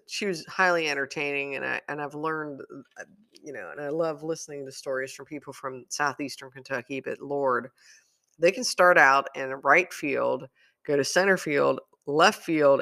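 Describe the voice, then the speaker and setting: A man's voice: medium pitch, gravelly, bright, forceful tone. A man talking through his week in a casual, rambling monologue as a podcast host, full of "you know" fillers and self-deprecating asides.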